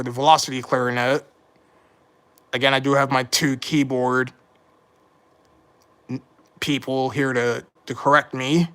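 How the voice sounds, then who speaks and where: His voice is mid-range, clear and resonant, with a slight brightness. The man hosts a laid-back livestream, drifting through commentary, fixing his slips, and sounding a bit frustrated.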